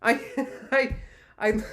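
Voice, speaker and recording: Woman, streamer chat. Slightly high voice, rambling and excitable, prone to loud outbursts. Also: drawn-out words, a little hiss or hum. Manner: excitable, rambling, laughs often, rising to shouted outbursts. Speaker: streamer chatting with her chat. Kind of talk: casual chat.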